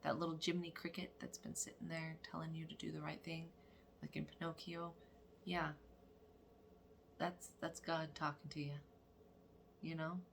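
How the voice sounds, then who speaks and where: A woman, a mother, telling a lively story in a casual spiritual vlog, acting out quotes and laughing often. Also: deep voice, normal speed, vocal fry, pauses often, a little hiss or hum. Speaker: mother of daughters.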